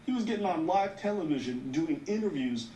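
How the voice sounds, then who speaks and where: A man's voice: fairly high pitch, animated, brisk, warm tone. A man talks through a news story in casual commentary. He explains at length, reads quotes aloud and swears freely. His voice sounds roomy and a little far from the mic, with faint room noise behind it. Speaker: co-host of a commentary show.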